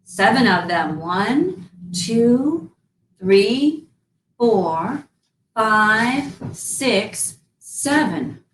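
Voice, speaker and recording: A woman in costume as a fairy-tale princess, telling a story to children in a sweet, animated way and coaxing them to join in. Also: a little high, drawn-out words. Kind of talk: interactive storytelling in character for kids. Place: museum room. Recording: roomy, from far off, faint background noise.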